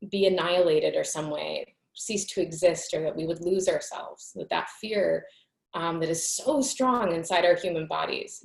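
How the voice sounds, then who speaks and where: Woman host, lowish gravelly voice, earnest storyteller, roomy echo. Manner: earnest, animated retelling with many "like" fillers. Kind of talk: reflective personal storytelling in conversation.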